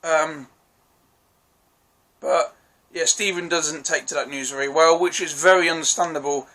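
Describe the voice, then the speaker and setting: Man, casual show review, bright tense voice, fairly high pitch, chatty recap. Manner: chatty, apologetic, recaps scenes with quoted lines.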